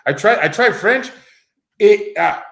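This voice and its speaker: Guy talking casual, spanish was his first language, kinda higher voice, rambles and restarts a lot, echoey room. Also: expressive, unhurried, creaky, fairly bright tone. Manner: rambling, many restarts, acts out voices animatedly. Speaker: podcast co-host. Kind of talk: casual chat. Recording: roomy echo.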